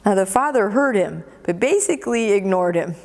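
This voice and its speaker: A woman's voice: medium pitch, expressive, normal speed, darkish tone. A woman pastor preaching a sermon in a church, telling the story expressively and repeating words for emphasis. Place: church sanctuary. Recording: long church reverb.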